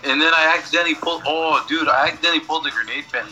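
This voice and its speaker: A man's voice: fairly high pitch, racing, bright, forceful tone, faint music behind, poor audio. A young man chatting casually, telling rambling stories full of swearing and laughing at himself. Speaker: podcast regular. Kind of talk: casual chat, storytelling.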